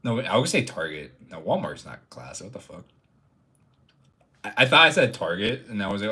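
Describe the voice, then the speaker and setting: A young man talks to his stream in a loose, rambling way, stumbling over restarts and breaking into laughter. His voice is low but very lively in pitch. It sounds like offhand casual chat. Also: fairly quick. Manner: rambling, stammering, laughs often.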